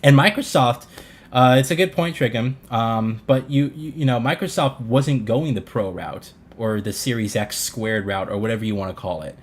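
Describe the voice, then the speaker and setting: A man's voice: medium pitch, normal speed. A man hosting a livestream, ranting in an exasperated, sarcastic way, swearing and restarting his sentences while answering chat. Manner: reads chat comments aloud and answers them. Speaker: livestream host reacting to a console reveal. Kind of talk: casual livestream rant.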